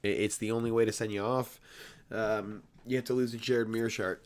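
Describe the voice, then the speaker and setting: A man's voice: lowish voice, steady tone, moderate pace. Brash, rambling male fight pundit. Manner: brash, rambling and emphatic, with heavy swearing. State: voice getting hoarse. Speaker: MMA fight analyst. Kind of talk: casual fight predictions.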